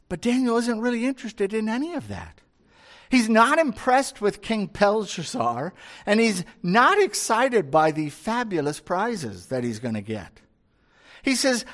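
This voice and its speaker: A pastor with a high, slightly bright voice and big pitch swings preaches at a measured pace. He reads scripture aloud, then explains it conversationally, posing rhetorical questions.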